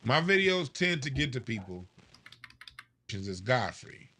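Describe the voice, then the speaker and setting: This podcast host has a mid-range voice and talks a little slowly, with some hiss or hum on the recording. He plays clips and animatedly picks them apart, repeating himself to stress his points.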